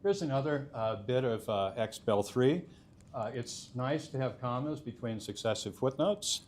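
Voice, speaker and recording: A man's voice: mid-range voice, lively intonation, normal speed, darkish tone, slight background noise. A man presenting a technical conference talk, explaining step by step with frequent filler sounds. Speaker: conference speaker.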